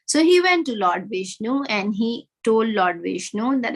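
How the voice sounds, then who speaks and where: Frau erzählt lebhaft eine Lehrgeschichte. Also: female voice, on the high side, unhurried. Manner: animated storyteller, rhetorical questions. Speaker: devotional class teacher. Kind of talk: religious class storytelling.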